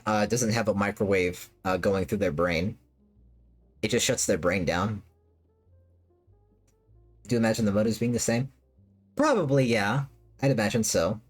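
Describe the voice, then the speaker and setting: A woman streamer chatting casually with her live chat, rambling and repeating herself with lots of fillers. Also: rumbling low. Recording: faint music behind.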